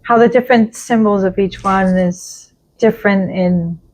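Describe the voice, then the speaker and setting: A woman's voice: mid-range voice, steady tone, normal speed, darkish tone, slight background noise, low-quality recording. A woman hosting a podcast who asks questions and encourages her guest with short affirmations and laughs. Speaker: podcast host. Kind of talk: casual interview chat.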